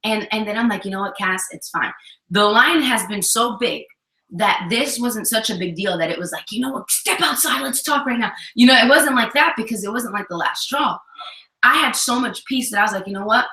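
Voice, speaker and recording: A woman's voice: mid-range voice, brisk. A woman co-hosting a casual chat about relationships, telling stories animatedly and acting out what people said. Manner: animated storytelling, acts out quotes. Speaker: co-host. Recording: echoey room.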